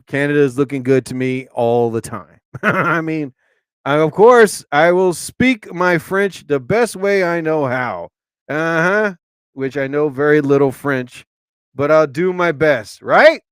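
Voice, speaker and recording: A man with a fairly high voice rambles through a live show he hosts himself. He chats loosely, laughs often and trails off mid-thought, and the sound is dry and close. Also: fairly bright tone, clean tone, no room sound. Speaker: host of his own live show and podcast.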